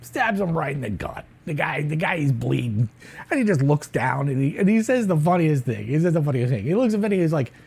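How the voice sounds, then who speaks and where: Brief: gravelly, lively-pitched hitman rambling through a comic improv monologue, put on by a woman. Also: fairly quick, heavily acted. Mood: gleeful. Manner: rambling, chatty, full of fillers and asides. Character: callous boastful street hitman, gleeful about killing.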